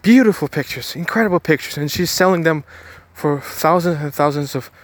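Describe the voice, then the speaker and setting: Standing outdoors about to board a bus, a motivational vlogger speaks straight to his viewers in an emphatic monologue, repeating phrases and often restarting his words. His voice is a little high and fairly quick, and the recording is dry.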